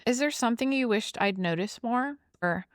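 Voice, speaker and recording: A woman's voice: fairly high pitch, expressive, moderate pace, no echo, clean studio sound. A woman hosting a podcast, talking casually in a blunt, emphatic way with plenty of swearing. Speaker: podcast host. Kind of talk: casual monologue.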